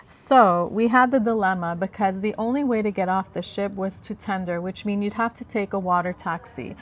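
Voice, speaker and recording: Calm woman narrating a travel vlog. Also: mid-range voice, normal speed. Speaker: travel vlogger. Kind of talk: scripted voice-over narration.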